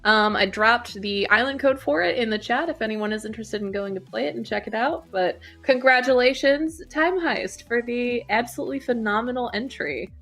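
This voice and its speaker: A woman hosting a livestream, chatting casually and warmly while playing game entries. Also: fairly high pitch, normal speed, hardly any pauses, soft background music. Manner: relaxed, friendly, laughs easily.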